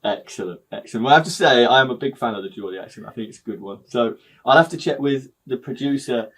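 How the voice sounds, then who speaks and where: A man hosts a podcast in a relaxed, chatty style. He is upbeat and teases his guest with easy, jokey banter. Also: mid-range voice, quick pace, breathy edge. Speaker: podcast host. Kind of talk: casual interview chat.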